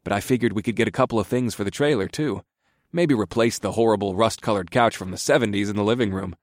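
A man narrating a story in the first person in a relaxed, conversational way. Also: fairly low pitch, quick pace, no room sound, clean studio sound. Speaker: audiobook narrator.

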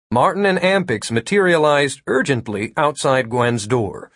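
A man narrating an audiobook in an expressive, wry storytelling manner. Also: medium pitch, unhurried, no room sound, studio quality.

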